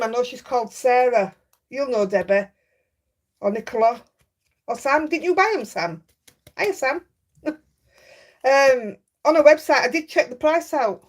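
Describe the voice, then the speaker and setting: A woman with a Yorkshire accent hosting a craft livestream, chatting casually and reading out viewer comments. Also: high voice. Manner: chatty, reads out viewer comments, laughs easily. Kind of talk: casual live chat.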